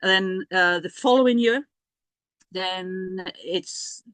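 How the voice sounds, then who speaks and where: A woman's voice: on the low side, slow, a bit bright, dry recording. A middle-aged woman, a priestess and healer, telling a personal story in a chatty, self-mocking way with many restarts and asides.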